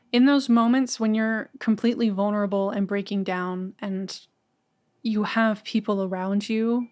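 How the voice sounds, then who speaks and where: A woman's voice: medium pitch, darkish tone. A woman in a casual podcast conversation, talking candidly and emotionally, with casual swearing.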